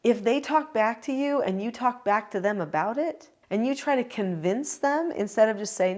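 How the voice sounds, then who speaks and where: A woman's voice: fairly high pitch, lively intonation, moderate pace, hardly any pauses, a little mellow. An older woman who is a parenting educator, giving firm, instructive advice straight to the camera. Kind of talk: direct-to-camera advice talk.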